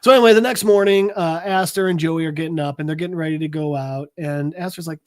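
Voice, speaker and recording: A man on a podcast recapping a comic book issue in a casual, profane, animated way, acting out the characters' lines as he goes. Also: on the high side, quick pace, few pauses. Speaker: podcast co-host presenting a comic segment.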